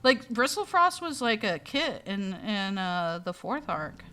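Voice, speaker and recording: A young adult woman hosting a casual stream, talking in an animated, exasperated way with a lot of swearing. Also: medium pitch, unhurried. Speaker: streamer host. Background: faint music.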